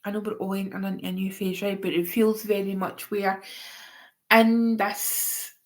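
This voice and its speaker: A woman's voice: mid-range voice, level tone, normal speed. A woman giving a live-stream tarot reading in a chatty, rambling way, often going off on tangents. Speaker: tarot reader.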